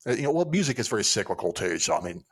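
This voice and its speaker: A man's voice: lowish voice, big pitch swings, rapid-fire, a bit bright, husky. A man co-hosting a podcast, chatting casually with rambling restarts. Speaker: podcast co-host.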